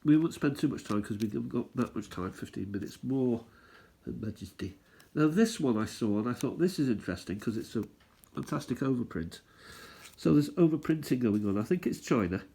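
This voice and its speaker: A man's voice: mid-range voice, expressive, fairly quick, creaky, mellow, slightly rough. A man hosting a stamp collecting channel, rambling and thinking aloud as he chats casually through what he's showing. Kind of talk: casual show-and-tell chat.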